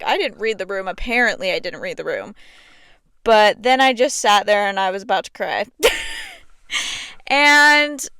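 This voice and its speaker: A woman's voice: on the high side, fairly bright tone, clear, resonant tone, dry recording, studio quality. A young woman hosting a podcast, chatting casually and filling her talk with "like". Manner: chatty, fills speech with "like". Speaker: podcast host. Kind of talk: casual chat.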